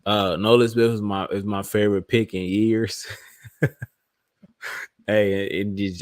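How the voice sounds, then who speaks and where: A man hosting a fan channel, giving casual, excitable reaction commentary full of slang and repetition. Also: on the low side, measured pace, long pauses, dry recording, clean studio sound. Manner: excitable, repeats himself, slangy.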